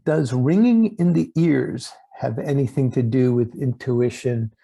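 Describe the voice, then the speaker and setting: A man hosting a relaxed interview over a video call, his voice gravelly and husky with a dark, mellow tone. He talks haltingly, stopping to restart his sentences. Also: medium pitch, poor audio. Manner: halting, with many restarts and fillers. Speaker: host. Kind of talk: casual interview chat.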